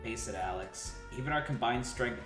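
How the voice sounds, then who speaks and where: A man's voice: medium pitch, normal speed, fairly bright tone, roomy sound, soft background music, voice pushed down, close to an everyday voice. A man voicing a whiny, fretful young male mage, reading game dialogue on stream. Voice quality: whiny and mopey.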